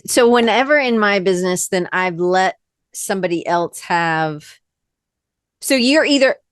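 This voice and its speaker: A Southern American woman hosting a podcast, talking casually in a rambling, lively way that often stops and restarts. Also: medium pitch, a little slow, no room sound, studio quality. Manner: rambling, lively, self-interrupting. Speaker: podcast host. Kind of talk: casual conversation.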